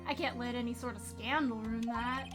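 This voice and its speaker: A woman's voice: on the high side, steady tone, a little fast, voice pushed down, lightly acted. A woman voicing a laid-back young male surfer bro celebrity with a drawling, casual manner, over background music. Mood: easygoing. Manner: drawling, casual dude slang. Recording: stream with music behind.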